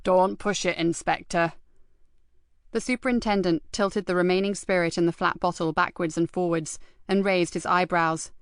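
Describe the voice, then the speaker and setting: Smooth, low-voiced woman narrating. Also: no room sound, clean studio sound. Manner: measured, even storytelling. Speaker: audiobook narrator. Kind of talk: scripted narration.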